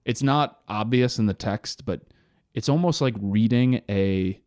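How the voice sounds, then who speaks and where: A man's voice: lowish voice, a little slow, a little mellow, dry recording, studio quality. A young man co-hosting a podcast, reflective and searching for words, with many fillers. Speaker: podcast co-host. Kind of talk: casual chat.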